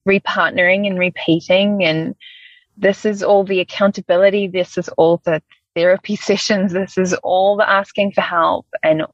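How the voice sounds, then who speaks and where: A woman's voice: medium pitch, no echo, lo-fi sound. A woman in her thirties or forties telling a personal story, candid and emotional, hesitating with ums. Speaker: guest.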